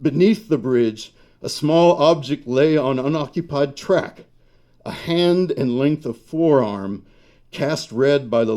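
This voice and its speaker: Brief: male author, slow deliberate reading voice, dark mellow tone, live reading. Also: mid-range voice. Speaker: author reading his fiction. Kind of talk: reading a story aloud. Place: bar reading event.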